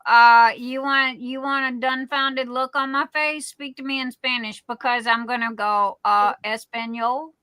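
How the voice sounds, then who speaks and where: A woman's voice: high voice, fairly even intonation, a little slow, hardly any pauses, bright, forceful tone, smooth, no room sound, rough recording. A middle-aged woman with a Cajun accent chatting casually as a livestream host, rambling with many fillers and restarts. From Louisiana. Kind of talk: casual live chat.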